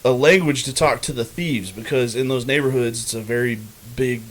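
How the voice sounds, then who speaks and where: A man's voice: medium pitch, normal speed. Rambling, loose-talking male podcast co-host. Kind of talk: casual chat.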